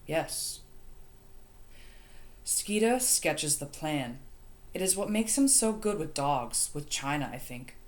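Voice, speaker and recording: A woman narrating an audiobook in the first person, steady and measured. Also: sits low. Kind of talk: audiobook reading.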